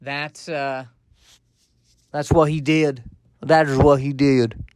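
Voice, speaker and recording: A man voicing an analytical robot from the future, giving a slow, clinical report. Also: fairly high pitch, level tone, a little mellow, clear, resonant tone, dry recording.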